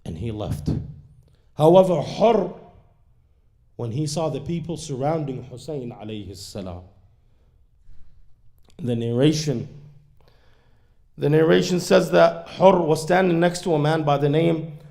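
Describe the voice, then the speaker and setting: Male preacher, fairly high voice, dramatic storyteller who quotes Arabic verses and translates them. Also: gravelly. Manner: dramatic storytelling, swinging between hushed and raised lines; quotes classical Arabic lines quickly, then translates them. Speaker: speaker at a religious gathering. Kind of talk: sermon narrating a historical account. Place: mosque or community center hall.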